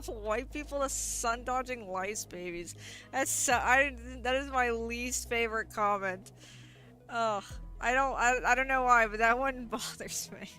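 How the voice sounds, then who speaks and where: A woman's voice: a little high, pushed and bright. A woman streamer chatting casually and playfully, often laughing as she reads chat.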